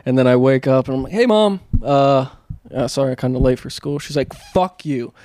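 A man's voice: medium pitch, monotone, fast talker, warm tone, dry recording. A man in his thirties co-hosting a podcast, talking in a loose, rambling way with lots of fillers and swearing. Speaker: podcast co-host. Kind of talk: casual chat.

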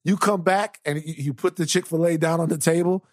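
A man co-hosting a podcast in a casual comedic chat, telling lively stories and acting out voices. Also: fairly high pitch, a little fast, no echo, studio quality. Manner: animated storyteller, acts out voices. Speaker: podcast co-host.

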